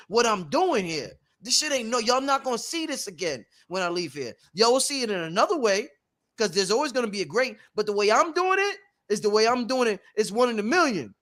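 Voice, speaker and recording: A man's voice: very high voice, expressive, fairly quick, fairly bright tone. A man hosting a spiritual workshop, talking emphatically and bluntly with plenty of swearing and repetition. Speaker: host. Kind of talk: animated workshop talk.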